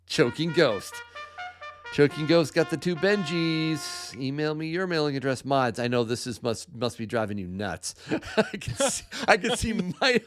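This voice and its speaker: A man's voice: mid-range voice, creaky. A man hosting a live podcast giveaway, upbeat and laughing often as he calls out winners' names. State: out of breath. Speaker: podcast host. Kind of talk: livestream giveaway chat.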